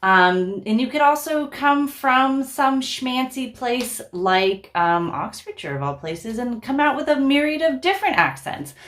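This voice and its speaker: A woman's voice: sits high, animated, unhurried, few pauses, fairly bright tone. A woman hosting a casual vlog, talking to camera in a chatty, wry, explanatory way. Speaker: founder and director of an education consultancy, vlog host.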